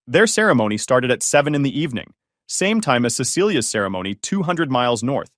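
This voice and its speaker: A man tells a first-person drama story, his voice moving up and down in animated, expressive sweeps. He sits at middle pitch, and the recording is close and dry with no room echo. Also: a little fast. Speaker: story narrator.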